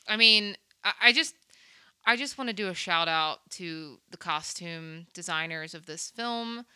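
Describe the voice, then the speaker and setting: Bright, clear-voiced woman recapping a movie. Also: lowish voice, a little slow, no room sound. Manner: animated storyteller, swears freely. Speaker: podcast co-host. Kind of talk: casual movie recap chat.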